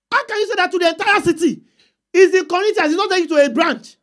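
A woman's voice: extremely high pitch, fast. A woman preaching a sermon, repeating points and calling for answers from the congregation. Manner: call-and-response with the congregation, emphatic repeats.

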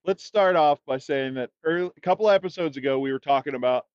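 A man's voice: on the high side, fast, clear, resonant tone, no echo. A man co-hosting a trucking podcast, chatting casually with profane, teasing humor and frequent laughter. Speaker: podcast co-host. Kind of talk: casual crude banter. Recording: dry, dull lo-fi sound.

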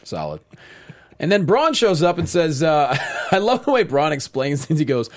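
A man co-hosting a wrestling after-show in casual chat, relaxed and chatty, often trailing off mid-sentence. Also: a little high, normal speed. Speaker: co-host.

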